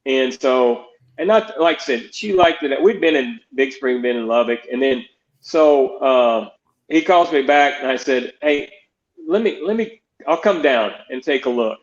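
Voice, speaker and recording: A man's voice: medium pitch, animated, unhurried. Guest: older man, rambling storyteller, echoey dull recording, roomy. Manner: rambling, many restarts, quotes others in dialogue. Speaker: guest, baseball pitching coach. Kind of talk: storytelling interview.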